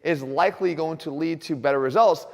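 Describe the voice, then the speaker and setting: A man's voice: on the high side, fairly quick, long reverb tail. A man hosting an instructional fitness video, speaking earnestly and directly to his viewers.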